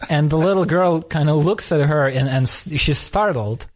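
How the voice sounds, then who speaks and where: A man's voice: a little high, normal speed. A man in casual conversation, telling a story thoughtfully, often restarting as he searches for words. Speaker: podcast conversation partner.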